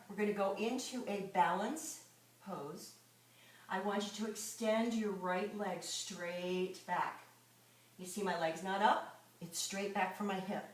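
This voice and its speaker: A woman fitness instructor leading a live exercise class, coaching moves and counting reps aloud. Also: lowish voice. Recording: echoey room, mic far off.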